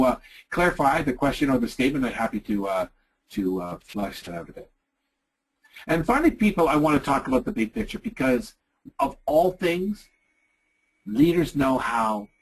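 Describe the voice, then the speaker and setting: A middle-aged man with a Canadian accent giving a chatty leadership presentation, acting out quotes in lively voices. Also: mid-range voice, slightly rough, rough recording. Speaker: leadership speaker. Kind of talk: webinar presentation.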